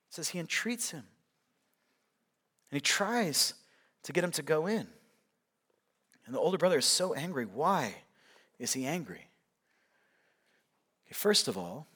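A man preaching a sermon, swinging from loud, emphatic lines to hushed, quiet ones as he works through a passage. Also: a little high. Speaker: pastor.

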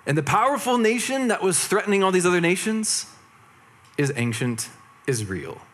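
A man's voice: high-pitched, moderate pace. A preacher man retelling a story casually. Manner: relaxed, humorous asides and slangy retellings.

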